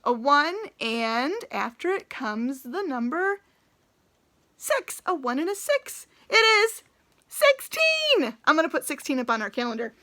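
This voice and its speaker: A woman's voice: sits high, animated, normal speed, hardly any pauses, fairly bright tone. A woman teaching a recorded preschool lesson, talking to small children in an enthusiastic, sing-song way.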